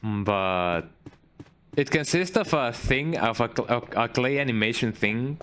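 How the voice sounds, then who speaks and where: A man's voice: mid-range voice, animated, a little slow, a bit bright, slight background noise. A man giving casual, rambling gameplay commentary while streaming, often tagging his sentences with "eh?" and restarting them. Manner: rambling, frequent "eh?" tag and restarts.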